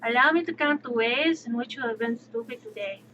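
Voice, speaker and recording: A woman livestreamer chatting casually and outspokenly while she plays, with quick, sassy asides. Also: fairly high pitch. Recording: dull lo-fi stream audio with steady background noise.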